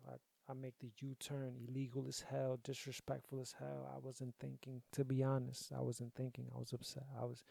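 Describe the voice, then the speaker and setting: Man telling a sad story, mellow voice. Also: mid-range voice, creaky, dry recording. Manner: profane, conversational, repeats himself. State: grieving, emotional. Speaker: podcast host. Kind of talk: casual storytelling.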